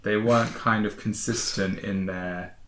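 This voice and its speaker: Low-voiced man chatting in an echoey room. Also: fairly even intonation, measured pace, fairly bright tone, slight background noise. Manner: hesitant, rambling, many fillers and restarts. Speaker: board game channel host. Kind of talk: casual review chat.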